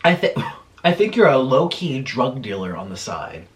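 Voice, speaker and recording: A young man in casual chat as a mukbang vlogger at home, talking while he eats, chatty and animated, swearing when he gets heated. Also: medium pitch, normal speed.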